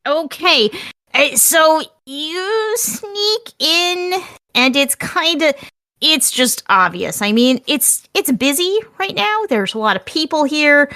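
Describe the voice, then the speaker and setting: Woman game master, fairly high voice, dry close sound, upbeat, explains step by step. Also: big pitch swings, a little slow, sharp tone, no room sound. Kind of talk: narrating a tabletop game.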